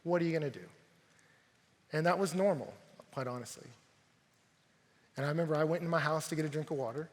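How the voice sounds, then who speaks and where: Guy preaching in a big arena, fairly high voice, long echo trailing off. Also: quick pace, long pauses. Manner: animated storytelling, rising to shouts. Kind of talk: sermon. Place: large arena at a youth camp.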